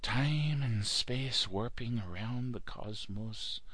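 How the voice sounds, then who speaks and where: A man's voice: medium pitch, slow, fairly bright tone, husky, no room sound. A man hosting a podcast in casual, rambling chat, joking and drifting off track before finding his way back. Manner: jokey, wanders off track and back. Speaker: podcast host.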